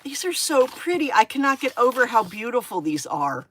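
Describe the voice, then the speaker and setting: A middle-aged woman hosting a live craft unboxing, rambling and gushing with gasps and excited exclamations. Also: a little high, moderate pace, a little hiss or hum. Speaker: craft channel host. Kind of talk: live-stream unboxing chat.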